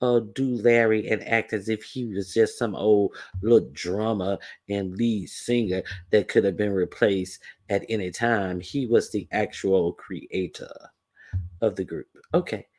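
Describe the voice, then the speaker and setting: A man's voice: fairly even intonation, measured pace, a little mellow. Man, casual streamer, rambling and sassy, greets chat by name. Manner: rambling, sassy, with mocking high-voiced imitations. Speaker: livestream commentator. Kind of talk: casual livestream commentary reading chat.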